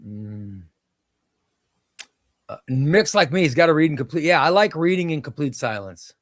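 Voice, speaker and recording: A man's voice: a little high, lively intonation, normal speed, no echo. A man hosting a casual comic book livestream from home, rambling and restarting sentences as he answers viewer comments. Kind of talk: casual live-stream chat. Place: home room.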